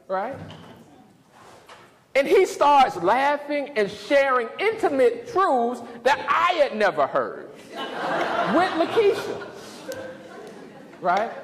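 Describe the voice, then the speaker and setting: Animated man telling a story in a hall. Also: very high-pitched. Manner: lively, humorous, calls out to the audience. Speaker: lecturer. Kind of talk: storytelling lecture. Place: lecture hall. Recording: reverberant hall, faint noise.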